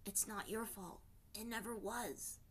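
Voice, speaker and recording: A woman voicing a blunt, cocky young girl earthbender, speaking slowly and deliberately. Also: medium pitch, breathy edge. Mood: tearful.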